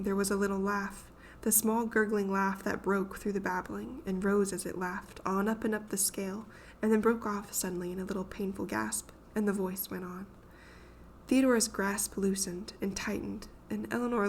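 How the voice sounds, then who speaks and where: A woman's voice: mid-range voice, a little hiss or hum. Woman narrating a suspenseful audiobook.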